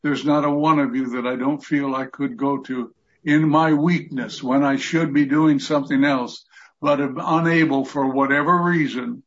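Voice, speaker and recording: A man's voice: mid-range voice, steady tone, normal speed, fairly bright tone. An 85-year-old man giving an earnest, emotional testimony of gratitude in a group video call. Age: 80s. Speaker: fellowship group member. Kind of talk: heartfelt testimony in group chat. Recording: muffled lo-fi video call audio.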